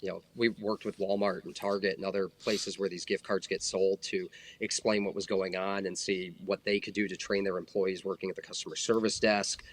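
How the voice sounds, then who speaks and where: A man's voice: low-pitched, level tone, a little fast, few pauses. A man in his forties, a former federal agent, talking earnestly in a casual podcast conversation with many fillers. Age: 40s.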